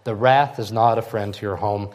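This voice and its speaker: A pastor preaches in a folksy, conversational style, often checking in with listeners by asking "all right?" His voice is fairly low and a little mellow, with fairly even intonation and a moderate pace.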